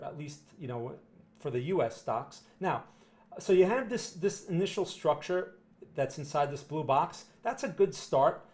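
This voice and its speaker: New Jersey male market commentator, pitched a touch high, blunt and emphatic, checks in with his viewers constantly. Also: a little mellow. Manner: emphatic, blunt, repeats "right?" and "okay?". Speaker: market analyst answering viewer questions. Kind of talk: live-stream chart commentary.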